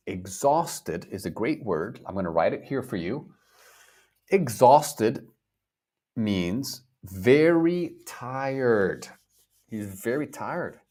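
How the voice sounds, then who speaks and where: Slow, lively American teacher man. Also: lowish voice. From United States. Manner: slow, clear teacher talk, repeating words and acting out feelings. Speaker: English teacher. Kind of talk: live online English lesson.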